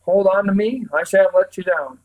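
Storybook scarecrow master, male, grand and breezily oblivious to danger, voiced a little high, by a male reader. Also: moderate pace, darkish tone, lightly acted, low-quality recording. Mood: eager. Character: eager, pompous, cheerful male scarecrow master. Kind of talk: storybook read-aloud.

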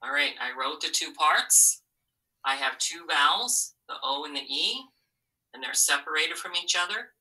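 A woman teacher leads a children's phonics lesson with a very low but sharp, bright voice. She is patient and encouraging, asking questions and waiting for answers. The recording catches her from a little distance away. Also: animated, normal speed.

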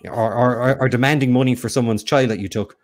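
A man's voice: mid-range voice, fairly even intonation, fast talker. A man co-hosting a live quiz stream, chatting casually and teasing his partner, often restarting his sentences. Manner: teasing, rambling, many restarts. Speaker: quiz show co-host.

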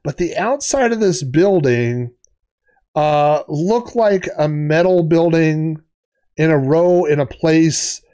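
A man's voice: on the high side, slow pace, warm tone, smooth. A man hosting a retro gaming vlog, telling stories in a rambling, digressive, chatty way. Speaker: retro gaming channel host. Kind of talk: casual storytelling vlog.

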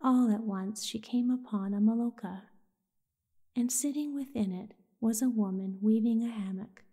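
A woman with a breathy, half-whispered voice, softly narrating a soothing bedtime story. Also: on the high side, normal speed. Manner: soft, half-whispered delivery.

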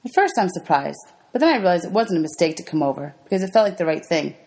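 A woman teacher reading a children's novel aloud to her students in a gentle, clear storybook manner. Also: fairly low pitch, lively intonation, fast.

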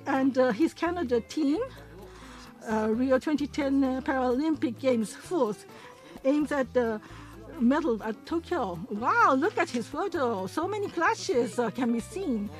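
A woman interprets a program into English on the fly, her high voice pausing and filling gaps as she keeps up. Soft music plays faintly behind her. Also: lively intonation, rough recording. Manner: halting, with frequent pauses and fillers.

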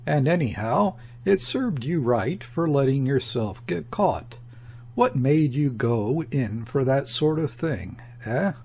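A condescending, cynical embassy official, voiced by a male reader, speaks with grim mockery and a cutting edge. His delivery is slow and unhurried, and the voice carries a husky grain. It is an audiobook character read from a novel. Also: mid-range voice, animated, full character voice. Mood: scornful. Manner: sharp, grim, sneering. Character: mocking condescending male embassy first secretary.

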